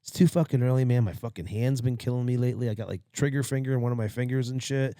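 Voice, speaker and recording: Fast-talking, cursing podcast storyteller man. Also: mid-range voice, no room sound, clean studio sound. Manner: profane, animated storyteller acting out quotes. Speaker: podcast co-host. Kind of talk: casual storytelling chat.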